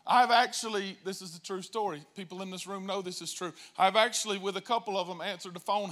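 A man preaching a sermon as pastor, telling jokes and stories in a lively way and acting out quoted voices. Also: high-pitched, fast talker, few pauses. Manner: animated, joking storytelling with acted-out voices.

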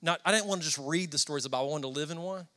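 With a bright, slightly high voice and rapid-fire delivery, a Southern man preaches a sermon in church before a congregation. He's from the Southern United States and has a Southern American accent, and his style is conversational storytelling peppered with questions to the crowd.

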